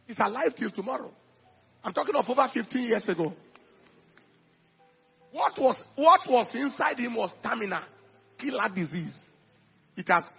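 A male pastor preaching a sermon, swinging from quiet asides to loud emphatic bursts and acting out the people he quotes. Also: extremely high pitch, creaky, breathy edge, dull audio.

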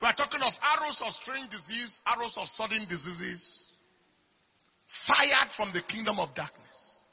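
A man preaching a sermon, repeating phrases and swinging from quiet talk to shouted declarations. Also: sits high, animated, normal speed, gravelly, breathy edge. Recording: dull lo-fi recording.

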